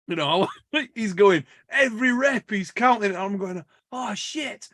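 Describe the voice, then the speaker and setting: A podcast host with a voice that sits high tells a story at normal speed in casual chat. He's animated, swears a lot, and laughs as he goes, and the recording is dry and studio quality.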